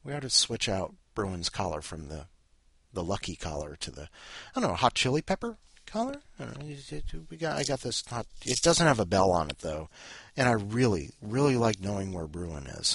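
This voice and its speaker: Male podcast host, husky and low, meandering wry delivery, dry close sound. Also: sing-song, moderate pace, a bit bright, no echo. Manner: meandering, self-interrupting, wry asides. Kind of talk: rambling casual chat.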